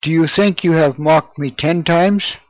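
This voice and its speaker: A man's voice: on the high side, unhurried, dry recording, natural voice, rough recording. A man reading the part of a haughty parish priest who presses a boy with questions. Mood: stern.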